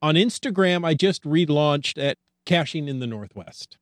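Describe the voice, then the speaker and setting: A man's voice: fairly high pitch, expressive, normal speed, no echo. Joking podcast host, man, dry close-miked sound. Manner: joking, playful. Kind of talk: casual podcast chat.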